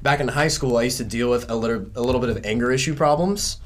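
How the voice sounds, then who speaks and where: A man's voice: medium pitch, fast talker. A man, chatting loosely as a podcast guest and filling his talk with "like". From South Carolina, USA. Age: 20s. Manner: rambling, heavy on fillers like "like". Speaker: podcast guest, music student. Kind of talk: casual interview chat.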